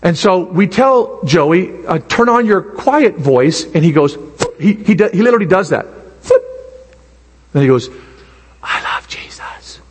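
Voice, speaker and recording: An older man preaching a sermon, animated, swinging from low quiet asides to high excited bursts. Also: moderate pace, hardly any pauses, slightly rough, in a large hall. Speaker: pastor.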